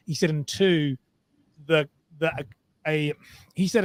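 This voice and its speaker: A man originally from Liverpool co-hosts a relaxed podcast, teasing his co-host and telling stories with plenty of laughter. His voice sits a bit high for a man. The sound is dry and close to the mic. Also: dry recording. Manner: chatty, teasing, quick to laugh. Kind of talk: casual chat.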